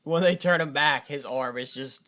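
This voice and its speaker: A man's voice: on the high side, moderate pace, sharp tone. A young man co-hosting a casual podcast, laid-back and laughing often, with blunt swearing. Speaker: podcast co-host. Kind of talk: casual movie-recap chat.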